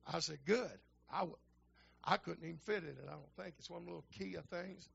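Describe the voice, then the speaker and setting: An older man, a minister telling folksy stories in a sermon that build to shouting fervor. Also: fairly high pitch, a little fast, gravelly, breathy edge, dull audio. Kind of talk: storytelling sermon.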